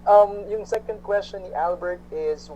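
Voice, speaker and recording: Male interview host, measured and deliberate, warm tone, lo-fi sound. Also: high-pitched, a little hiss or hum. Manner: measured, reads questions slowly, mixes English and Tagalog. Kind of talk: reading viewer questions.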